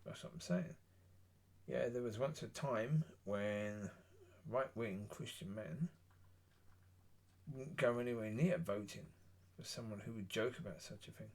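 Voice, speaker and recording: A man giving a blunt, opinionated solo monologue, rambling with pauses. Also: fairly low pitch. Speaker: political commentator.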